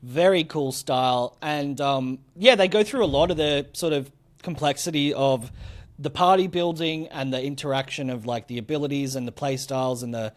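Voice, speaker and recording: A man's voice: medium pitch, normal speed. A man co-hosting a gaming podcast, upbeat and enthusiastic, with lots of ums and uhs. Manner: upbeat, many fillers, enthusiastic. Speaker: podcast co-host. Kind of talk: casual chat.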